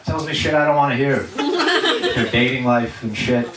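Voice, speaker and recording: A man from Uzbekistan doing a stand-up comedy set, crude and animated with many asides. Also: medium pitch, moderate pace. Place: comedy stage before a live audience. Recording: echoey venue from far off, loud noise.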